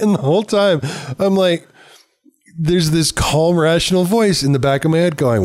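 A man's voice: high voice, normal speed. A middle-aged man and parent telling a story in casual conversation, candid and self-mocking, swearing and laughing often.

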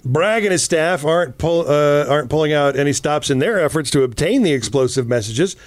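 A man's voice: on the high side, lively intonation, a little fast, no room sound. A man co-hosting a casual political talk show, reading news items aloud and adding sarcastic asides. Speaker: podcast co-host.

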